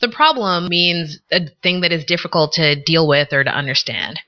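A woman co-hosting a podcast, teaching vocabulary in a scripted lesson and explaining words with example sentences in a measured way. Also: low-pitched, expressive. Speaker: podcast co-host. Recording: dull lo-fi recording.

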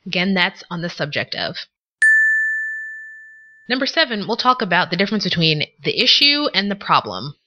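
A woman co-hosting a podcast, teaching vocabulary in a scripted lesson and explaining words with example sentences in a measured way. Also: on the low side, very animated, bright, forceful tone, a little hiss or hum. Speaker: podcast co-host. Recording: dull lo-fi recording.

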